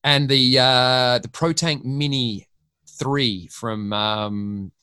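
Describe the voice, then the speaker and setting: A man's voice: mid-range voice, fairly even intonation, drawn-out words, bright, forceful tone, clear, resonant tone, no room sound. An Australian man, a podcast guest, rambling through a story in casual chat and swearing freely.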